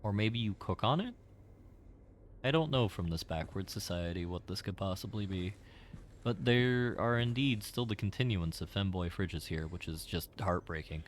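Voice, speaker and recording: A man's voice: low voice, normal speed, slight background noise. A man streaming a game, giving casual commentary in a wry, rambling way.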